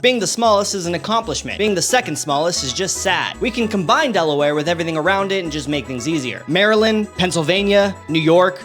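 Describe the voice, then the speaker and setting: A young man with a bright, high-pitched voice gives a sarcastic, animated comedic commentary, pushing his voice up sharply for emphasis. Faint music plays underneath his close mic. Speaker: online creator.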